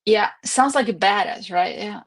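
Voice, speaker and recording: This livestream host, a woman in her twenties or thirties, has a mid-range, animated voice with vocal fry and slight roughness, speaking at a moderate pace. She rambles chattily from home and laughs a lot.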